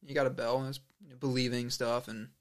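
A man's voice: medium pitch, little pitch movement, fast, no room sound, studio quality. A man co-hosting a casual chat, rambling and restarting his sentences often.

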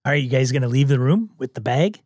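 A man narrating a tabletop game as game master, his voice husky and recorded dry and close. He lays out each scene in a measured way, with small fillers. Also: medium pitch, lively intonation, darkish tone, dry recording.

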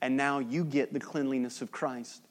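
A man preaching a sermon as pastor. He talks conversationally, drops in joking asides, and moves between loud emphasis and hushed, solemn passages. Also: medium pitch, steady tone, normal speed.

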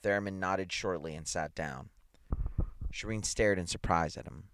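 A man reading a science fiction story aloud in a measured, dramatic way. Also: deep voice, fairly bright tone, clear, resonant tone. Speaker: reader.

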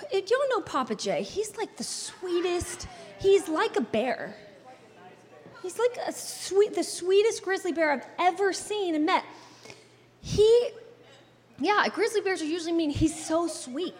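A woman in her thirties, a pastor preaching a sermon in a church, talking to the congregation in an animated, conversational way with playful asides. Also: extremely high pitch, a little slow. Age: 30s. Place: church sanctuary. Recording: long hall reverb in a church.

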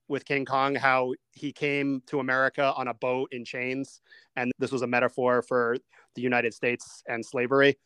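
Guy hosting a movie review show, smooth clear voice, dry close mic, keeps things moving. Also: mid-range voice, no echo. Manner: animated, quick asides, steers the discussion. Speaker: podcast host. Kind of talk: casual movie-review chat.

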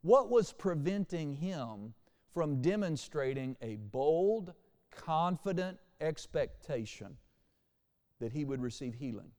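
Animated male preacher in a reverberant hall. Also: fairly high pitch, slow. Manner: animated preacher, shifts from quiet to loud. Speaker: pastor. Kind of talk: sermon. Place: church sanctuary.

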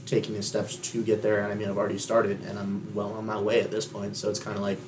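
A man's voice: lowish voice, fast. Young guy rambling on a podcast, likes and bros everywhere, faint hiss behind. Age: young adult. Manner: rambling, filler-heavy, swearing, animated storytelling. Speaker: podcast co-host. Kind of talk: casual chat.

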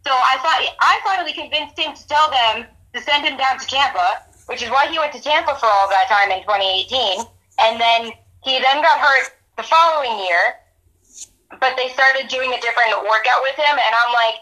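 A woman with a high, bright voice tells a rambling story in casual sports chat. She is animated and swears freely as she goes. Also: normal speed, poor audio. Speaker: podcast co-host.

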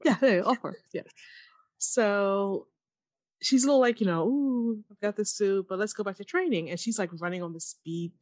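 Animated woman recapping a show. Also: mid-range voice, no echo, studio quality. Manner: animated, acts out characters' lines in quick impressions. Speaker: podcast co-host. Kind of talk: casual episode recap chat.

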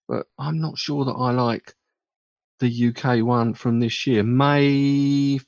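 A man's voice: medium pitch, steady tone, unhurried, gravelly, no echo, highs cut off. A man hosting a radio show, chatting casually and giving blunt, dismissive reviews with plenty of ums and restarts. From England.

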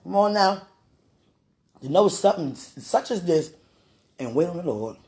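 A woman's voice: deep voice, very animated, moderate pace, mellow, slight background noise. A woman talking casually and praying aloud, repeating phrases and laughing often. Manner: chatty, repeats phrases, laughs often, mixes talk with prayer. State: heartburn, hungry. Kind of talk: casual spoken monologue and prayer.

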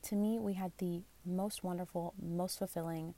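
A woman's voice: lowish voice, fairly even intonation, brisk, creaky, few pauses, warm tone. A woman in her twenties telling a personal story in a candid, rambling way, full of fillers and self-deprecating asides, recorded on basic equipment at home. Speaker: vlogger. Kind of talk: casual confessional storytelling. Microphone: phone or basic mic.

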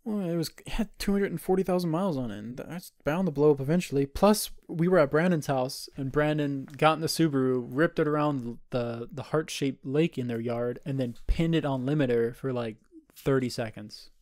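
A man's voice: mid-range voice, brisk, a little mellow, dry recording, clean studio sound. Young man telling a rambling, profane story. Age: 20s. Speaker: podcast co-host. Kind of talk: casual chat.

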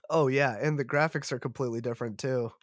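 A man co-hosting a podcast while sick, giving steady informational rundowns with a playful edge. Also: medium pitch, fast talker, no room sound, clean studio sound. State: sick, rough voice. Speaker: podcast co-host. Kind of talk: casual chat, reading notes.

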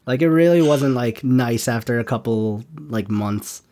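A woman's voice: a bass voice, a little slow, dark tone. A woman speaking as a podcast guest in casual chat, laid-back and swearing now and then.

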